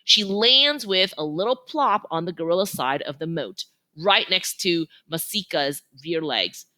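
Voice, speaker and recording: A woman reading a children's novel aloud in an expressive, animated way. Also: on the low side, measured pace. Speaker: reader.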